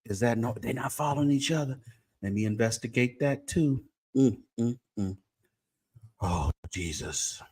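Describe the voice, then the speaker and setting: A male show host runs a late-night gossip livestream, chatty and teasing, speaking straight to viewers with drawn-out exclamations. His voice is medium in pitch with a darkish tone.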